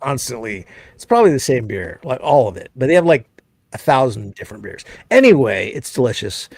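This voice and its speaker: A man's voice: mid-range voice, big pitch swings, a little fast, creaky, a little mellow, no room sound. A man co-hosting a podcast in laid-back casual chat, swearing offhandedly. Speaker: podcast co-host.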